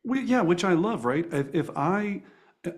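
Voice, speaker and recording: A man's voice: high voice, animated, moderate pace. A man hosting an interview who talks enthusiastically, with frequent restarts and fillers as he asks questions. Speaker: host.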